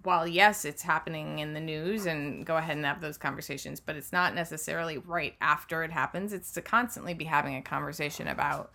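A woman co-hosting a podcast discussion who explains her points deliberately, repeating herself to stress them. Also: deep voice, creaky, bright, forceful tone. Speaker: co-host; therapist.

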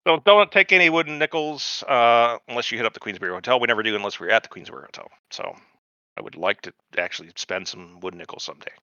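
Bright-voiced man hosting, swearing casually. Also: mid-range voice, fast talker, clean tone, no echo, lo-fi sound. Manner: profane, rambling, reads listener feedback. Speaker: podcast host. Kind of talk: casual chat.

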